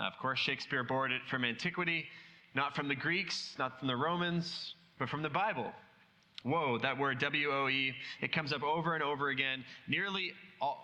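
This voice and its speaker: A man's voice: medium pitch, pushed and bright, big-room sound, rough recording. A man preaching a sermon in a conversational way, asking many rhetorical questions.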